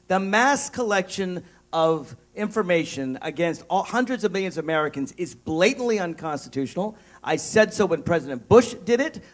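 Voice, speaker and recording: A man with a notably high voice answers at a candidate forum. He talks emphatically and quickly, pushing his points with confidence. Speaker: congressional candidate.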